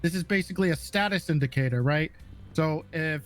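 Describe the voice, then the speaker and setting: A man's voice: on the high side, a little fast. A man instructing police recruits in a roleplay game, talking casually and checking in with "okay" and "right" after each point.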